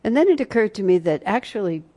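A woman's voice: medium pitch, big pitch swings, quick pace. A woman leading a spiritual retreat class, telling a story in a conversational way with many restarts. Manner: conversational storytelling, many restarts, shifts between soft and loud. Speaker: retreat teacher.

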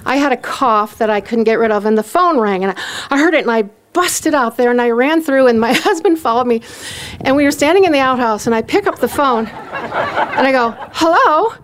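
A woman telling a personal story in a lively way, acting out the voices of the people in it and often laughing as she talks. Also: fairly high pitch, a little fast. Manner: animated, acts out quoted voices; often laughs while talking.

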